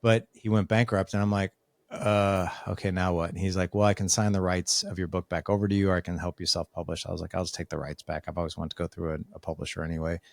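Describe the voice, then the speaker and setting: A man's voice: deep voice, quick pace, gravelly, no echo. A man talking as a podcast guest, telling a story casually and acting out the lines of people in it. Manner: animated storyteller acting out quoted dialogue.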